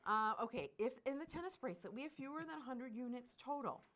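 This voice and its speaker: A woman hosting a live jewelry shopping show, enthusiastically pitching pieces and prices. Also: lively intonation, fast talker, a bit bright. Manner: bubbly, enthusiastic, gushes over pieces and prices.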